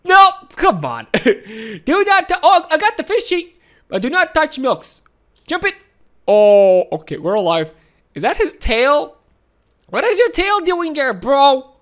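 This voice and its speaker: A woman giving excitable, giggly live commentary while playing a game. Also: high voice, unhurried. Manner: excitable and giggly, frequent laughs and exclamations. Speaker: gaming video host.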